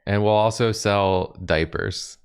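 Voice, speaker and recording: Deep, smooth-voiced man joking deadpan. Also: takes it slowly. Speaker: stream co-host. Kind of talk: casual chat.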